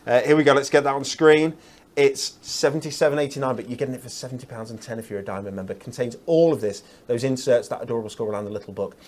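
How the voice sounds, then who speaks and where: A man's voice: medium pitch, quick pace, darkish tone. A man presenting craft products on a shopping channel, chatty and upbeat with lots of fillers. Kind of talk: enthusiastic product demonstration.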